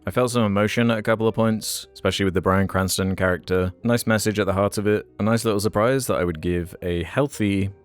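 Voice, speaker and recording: A man's voice: on the low side, fast, soft background music. A man giving a casual, opinionated film review with wry, candid asides.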